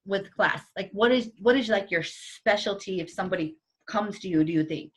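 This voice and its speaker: A woman's voice: mid-range voice, normal speed, husky. A woman hosting a casual interview, encouraging her guest. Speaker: host, psychic teacher.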